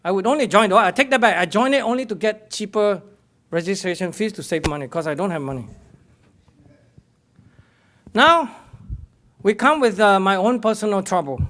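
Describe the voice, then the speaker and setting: A man with a strikingly high voice is giving a talk at a conference. He sounds indignant and keeps his delivery lively, breaking it up with fillers, restarts and short laughs. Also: moderate pace, pauses often. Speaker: invited conference speaker.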